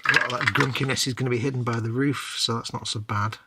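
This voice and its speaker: A man's voice: mid-range voice, fairly even intonation, quick pace. Joking man chatting on a noisy stream. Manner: jokey, rambling, sing-song wordplay. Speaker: co-host of a modelling livestream. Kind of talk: casual chat while building a model. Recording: noisy home livestream audio.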